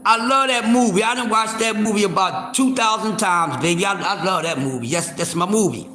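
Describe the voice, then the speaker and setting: A man hosting a casual boxing livestream, talking loudly with lots of profanity and restarts. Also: high-pitched, fairly quick, reverberant, soft background music. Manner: loud, profane, animated, with repeated fillers and restarts.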